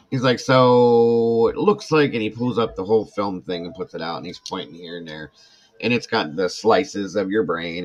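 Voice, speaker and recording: An older man rambles through a personal story and acts out every voice in it. His voice sits low, and the lo-fi mic makes it sound dull and muffled. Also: a bit bright. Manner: rambling, acts out quoted speech. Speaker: podcast host. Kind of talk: casual storytelling chat.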